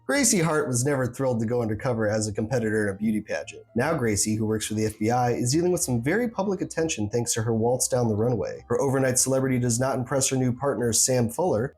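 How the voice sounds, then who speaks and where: A man's voice: medium pitch, a little mellow. A young adult man hosting a podcast in a casual, chatty way, with lots of fillers. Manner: chatty, uses many fillers. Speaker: podcast host.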